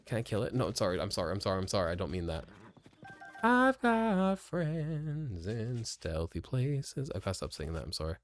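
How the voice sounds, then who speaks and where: A man's voice: low-pitched, rapid-fire, hardly any pauses, soft background music. A man giving casual gameplay commentary at a home desk mic, rambling and profane, mocking himself and jumping between mutters and exclamations. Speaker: let's play streamer.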